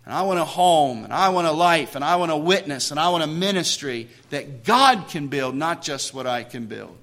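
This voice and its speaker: A man's voice: a little high, animated, moderate pace, fairly bright tone. A man preaching a sermon to a congregation in church, conversational, asking questions and joking about himself. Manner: self-deprecating humor.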